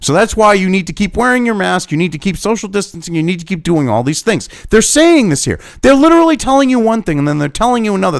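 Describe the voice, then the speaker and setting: A man's voice: sits high, big pitch swings, fast, vocal fry, few pauses. A man with a New England accent, hosting his own news commentary and ranting at an article, swearing constantly and sounding exasperated.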